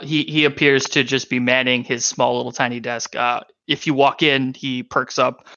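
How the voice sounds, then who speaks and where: A man running a tabletop game as dungeon master, narrating in a halting way with many fillers. His voice is bright and close, with no room around it. The audio is slightly dull. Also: medium pitch, flat delivery, no echo.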